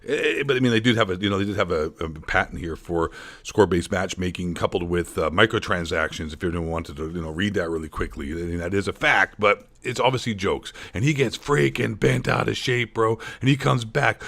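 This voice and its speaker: A man's voice: low voice, a little fast, vocal fry, a bit bright. A young man hosting a sarcastic commentary vlog, rambling with joking asides. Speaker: gaming commentary channel host.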